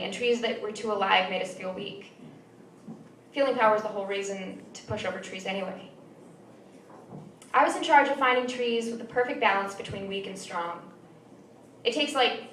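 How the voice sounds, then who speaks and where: A young woman reading her own short story aloud at a live event, in a measured, dry storytelling manner. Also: medium pitch, a bit bright, slight background noise. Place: small venue. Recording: roomy, distant mic with faint ambience.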